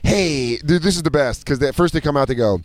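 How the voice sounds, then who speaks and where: A man's voice: on the high side, racing, dry recording, studio quality. A man in his thirties casually telling a comic story on a podcast, acting out the voices of other people. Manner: animated, acts out other people's lines. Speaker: podcast host.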